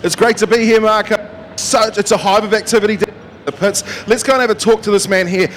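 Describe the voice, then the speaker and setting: A man's voice: high-pitched, fairly even intonation, a little fast, a little hiss or hum. Chatty New pit reporter man. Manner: chatty and friendly. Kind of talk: live trackside interview.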